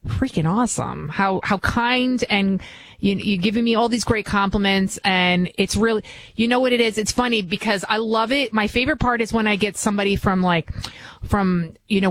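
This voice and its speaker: A woman's voice: medium pitch, a bit bright, no room sound, poor audio. Woman, Bronx accent, talk radio host, chatty monologue, emphatic, frequent restarts. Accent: New York (Bronx). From the Bronx, New York. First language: not English.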